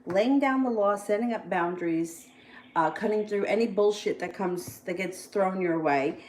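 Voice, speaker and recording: A woman's voice: medium pitch, moderate pace, a little hiss or hum, rough recording. A woman giving casual live-stream tarot readings, blunt and plain-spoken, swearing freely between cards. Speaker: tarot reader.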